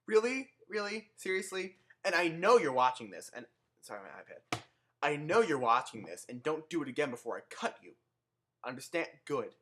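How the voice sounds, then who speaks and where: A young man ranting sarcastically into his own camera in a comedic vlog, animated and given to swearing. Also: medium pitch. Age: young adult. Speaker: vlogger.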